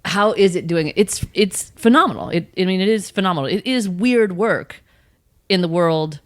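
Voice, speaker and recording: A woman with a slightly low voice talks casually as a podcast guest. She jumps into playful voiced asides and laughs often. The sound is dry and close. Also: normal speed, dry recording. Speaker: guest, spiritual coach and channel.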